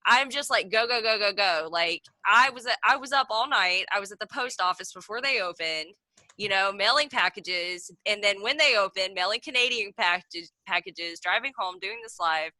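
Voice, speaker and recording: This meeting participant, a woman in her thirties, shares a meandering story in a casual video call, stuffing each pause with "like." She speaks at a moderate pace in a medium, pushed, bright voice, picked up by a video call mic with no room sound.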